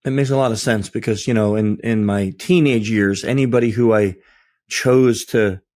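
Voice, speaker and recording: A man hosting a podcast, speaking casually in halting, rambling phrases and laughing along often. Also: lowish voice, fairly even intonation, a little mellow. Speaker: podcast host.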